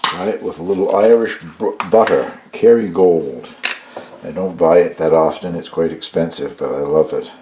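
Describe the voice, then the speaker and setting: A man's voice: deep voice, moderate pace, background noise. An older man casually talking through baking a loaf at home, tasting it and commenting as he goes. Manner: easygoing, chatty, tastes and comments as he goes. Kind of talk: casual cooking demonstration.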